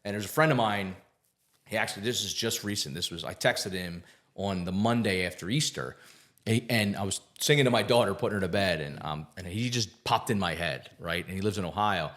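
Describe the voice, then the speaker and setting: A man's voice: low-pitched, a little fast, a bit bright. A man talking as a podcast guest in casual conversation, telling candid stories with lots of filler words and the odd swear.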